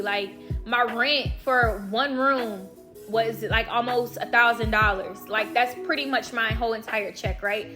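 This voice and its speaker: A young woman from Florida telling her story to viewers in a chatty, animated way. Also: a little high. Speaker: vlogger. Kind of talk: casual storytime.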